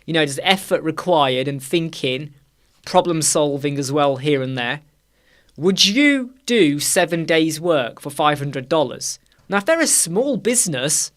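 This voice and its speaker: A man's voice: fairly high pitch, a bit bright. A young man hosting a live web design Q&A stream, talking casually with energy and repeating key phrases for emphasis.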